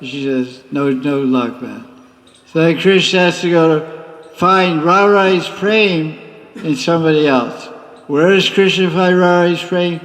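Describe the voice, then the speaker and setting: A man, a spiritual teacher, giving a lively devotional class with teasing asides. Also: high-pitched, normal speed. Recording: echoey hall reverb.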